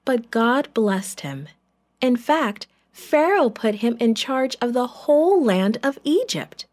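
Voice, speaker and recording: Woman reading kids a bible story in church, real slow, lots of expression. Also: on the high side, sing-song, darkish tone. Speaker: children's storyteller.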